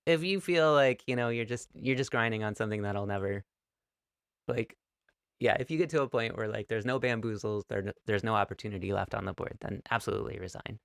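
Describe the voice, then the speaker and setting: Low gravelly guy teaching beginner go, easygoing and jokey, dry close mic. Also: fairly quick, no room sound. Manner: relaxed, encouraging, playful. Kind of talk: casual online lesson.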